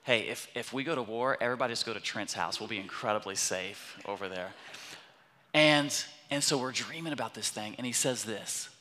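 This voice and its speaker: Bright-voiced preacher telling a story. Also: male voice, mid-range voice, fairly quick, big-room sound, a little hiss or hum. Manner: animated, acts out quotes of his son. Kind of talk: sermon storytelling.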